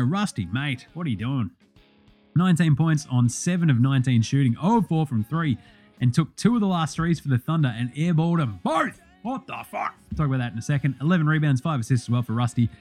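A young Australian man hosting a sports podcast, rattling through results in a profane, excitable, joking way. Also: on the high side. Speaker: podcast host.

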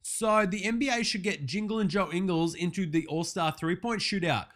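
A man's voice: high-pitched, normal speed, fairly bright tone. A man doing a satirical comedy monologue as a show host, talking in a brash, crude and self-congratulating way, with sarcastic muttered asides.

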